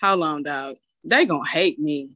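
Outspoken woman on a podcast, aave, bright high voice, laughs a lot, dry close sound. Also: a little slow, no room sound. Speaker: podcast guest. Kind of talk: casual podcast chat.

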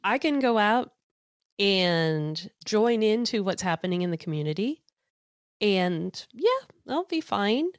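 A woman's voice: medium pitch, animated, slow pace, dry recording, clean studio sound. A woman hosting an interview, affirming and encouraging toward her guest. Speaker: host. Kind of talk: interview conversation.

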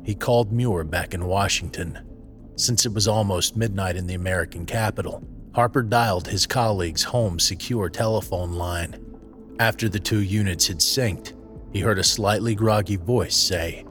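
A man narrating an audio drama in a measured, dry storytelling manner. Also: low voice, a bit bright.

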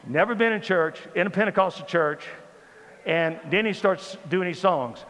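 A man telling a funny personal story from the pulpit in a sermon, animated and comic. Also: sits high, moderate pace. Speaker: pastor. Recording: reverberant hall with faint ambience.

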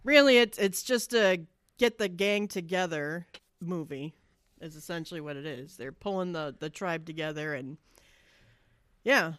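A woman's voice: low voice, a little slow, no room sound. A woman co-hosting a casual review podcast, giving blunt opinions with dry, shrugging asides. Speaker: podcast co-host. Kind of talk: casual chat.

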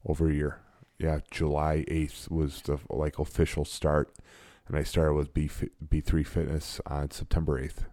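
A man's voice: extremely low pitch, monotone, normal speed, dark tone, no room sound, clean studio sound. A man in his forties, a guest in a casual interview, talking in a blunt and emphatic way. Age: 40s. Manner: blunt and emphatic, self-described sarcastic.

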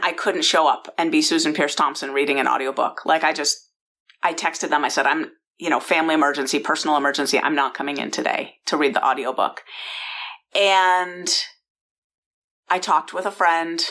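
A low-voiced woman from San Francisco, a founder and host, tells a personal story directly to the listener from her bedroom. Her tone is sharp, and she chats along, restarting sentences and tossing in asides.

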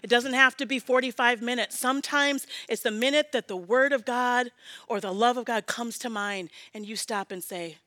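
A woman in her forties preaching a sermon as pastor, earnest and personal, often dropping to a soft prayerful hush. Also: a little high, normal speed, no echo. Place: church sanctuary.

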